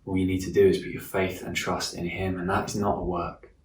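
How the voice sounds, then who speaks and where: A man preaching a sermon in an earnest way, slowing down and softening his voice for emphasis. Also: low voice, little pitch movement. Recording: echoey room from a distance.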